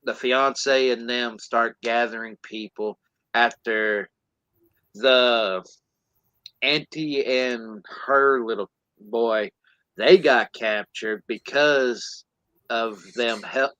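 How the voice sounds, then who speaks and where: Slow, easygoing podcast man. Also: mid-range voice, bright, forceful tone, clean tone, dry recording, low-quality recording. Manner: acts out characters in silly voices while retelling. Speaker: podcast co-host. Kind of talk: casual plot recap.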